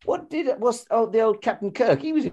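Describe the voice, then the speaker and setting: A man's voice: very high-pitched, expressive, a little fast, dark tone, lo-fi sound. A man co-hosting a casual podcast, talking in rambling sentences full of restarts and fillers. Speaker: podcast co-host.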